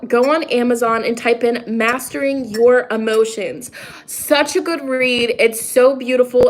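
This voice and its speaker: A young woman chats casually on a phone livestream as a tarot reader and spiritual coach, with a fairly high voice. She's talkative and preachy, frequently cutting herself off.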